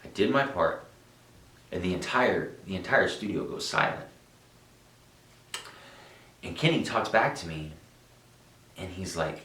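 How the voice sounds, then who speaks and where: Young man, deep voice, animated storyteller; roomy, distant mic. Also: moderate pace. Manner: animated storyteller, acts out quotes, frequent restarts. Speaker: musician interviewee. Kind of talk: storytelling interview answers.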